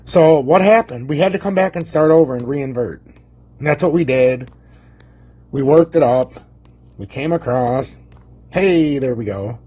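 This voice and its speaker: Cocky guy on a live stream going off about charts, husky voice, cussing, rambly. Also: a little high, moderate pace, long pauses, darkish tone. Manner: brash, boastful, swears freely, rambling. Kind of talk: casual live-stream market commentary.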